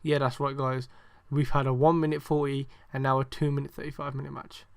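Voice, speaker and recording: A young podcast host reviews wrestling in casual, rambling chat, sarcastic and exasperated, swearing often and filling gaps with ums. His medium-pitched, creaky voice is delivered flatly and fairly quickly.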